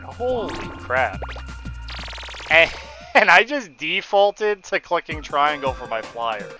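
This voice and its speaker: A man chatting casually with his viewers while playing a speedrun, laughing at his own mistakes. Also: on the high side. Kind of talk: casual live-stream chat while gaming. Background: loud game music.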